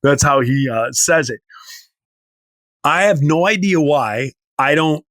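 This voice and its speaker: A man's voice: a little high, lively intonation, takes it slowly, a bit bright, no echo. A man in his forties telling a rambling story in casual chat as podcast co-host, now and then humming bits of a tune. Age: 40s. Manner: rambling storyteller, hums snippets of tunes.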